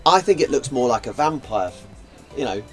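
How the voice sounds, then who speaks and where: With soft music behind him, an English man films a travel vlog at an outdoor wildlife park and reptile house, talking playfully about the animals as he walks. His medium-pitched voice has lively intonation and a moderate pace.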